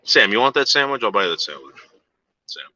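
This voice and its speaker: A man's voice: lowish voice, big pitch swings, fast talker, sharp tone, lo-fi sound, a little hiss or hum. A man in casual chat, telling a story in a rambling, profane way with frequent repeated words and restarts.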